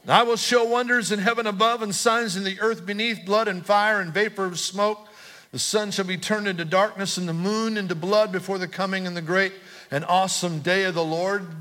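A man's voice: high voice, bright, forceful tone. A middle-aged man preaching a sermon as pastor, telling a personal story casually and then building to emphatic, repeated calls. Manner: preaching with rising emphatic repetition, chatty storytelling. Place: church auditorium.

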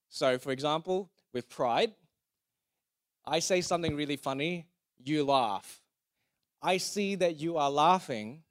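A pastor, preaching a conversational, jokey sermon and asking the congregation to repeat lines after him. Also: male voice, high voice.

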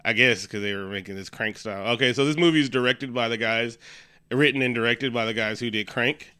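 A man co-hosting a casual movie review chat, retelling scenes in animated quoted voices. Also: medium pitch, fairly quick, clear, resonant tone. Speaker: podcast co-host.

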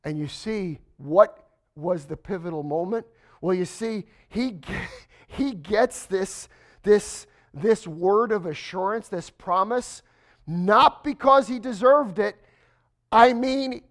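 Pastor, man, fairly high voice, dynamic sermon delivery moving between quiet and forceful. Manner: swings from hushed to emphatic, slows for stress.

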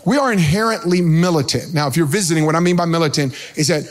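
High-voiced pastor preaching with sing-song shouts. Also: male voice, fast talker. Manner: animated preaching with sing-song shouts and crowd call-outs. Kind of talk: energetic sermon.

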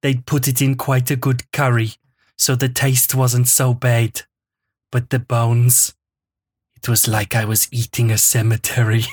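A man doing a hoarse, German-accented impression of a grave older documentary narrator, reading a column aloud for comic effect. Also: medium pitch, level tone, no echo, studio quality. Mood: solemn. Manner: slow, grave, oddly strident reading.

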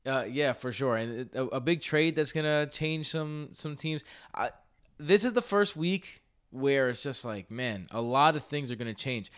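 Excitable man hosting a sports podcast. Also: mid-range voice, moderate pace, smooth. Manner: excitable, rambling, many restarts. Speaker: podcast host. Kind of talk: casual sports podcast chat.

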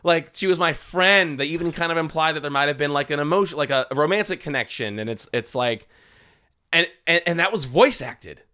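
A man co-hosting a podcast, chatting casually and excitedly about a movie, swearing and acting out scenes. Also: on the high side, brisk, clear, resonant tone. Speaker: podcast co-host. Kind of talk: casual movie-review chat.

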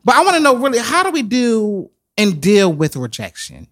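A podcast co-host, a man, talks in a dramatic and emotional way, close to tears at times. His mid-pitched voice swings widely up and down as he speaks. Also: huge pitch swings, normal speed, fairly bright tone. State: tearful. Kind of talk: casual podcast chat.

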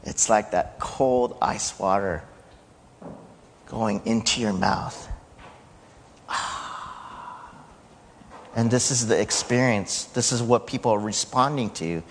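A man preaching a sermon to his church in a conversational way, rising loud when he quotes. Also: on the low side, unhurried, slight background noise. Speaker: pastor. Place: church sanctuary. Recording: church hall reverb.

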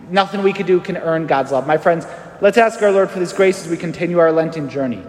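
A man preaching a sermon as a priest, animated and acting out the voices in the story. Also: fairly high pitch, fast. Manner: animated, acts out quoted voices. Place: church. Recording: echoey church hall.

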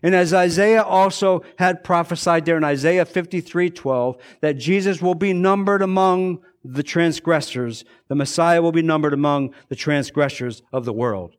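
A male pastor preaching a sermon, swinging between fervent, raised passages and hushed, quiet ones, repeating phrases for emphasis. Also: a little high, normal speed, hardly any pauses, smooth.

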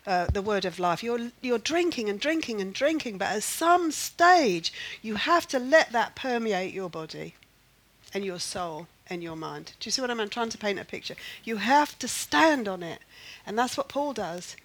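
A woman's voice: on the high side, lively intonation, normal speed, a bit bright, low-quality recording. An older woman leading a Bible study, teaching in an earnest, emphatic way and repeating phrases to drive her point home.

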